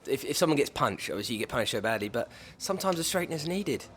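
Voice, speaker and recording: A man's voice: medium pitch, big pitch swings, fast talker, fairly bright tone, a little hiss or hum. A man in his twenties hosting a podcast, chatting casually and telling stories with restarts and matey slang. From England, Maidstone. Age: 20s. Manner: chatty, storytelling with restarts and "mate". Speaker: podcast host. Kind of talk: casual chat.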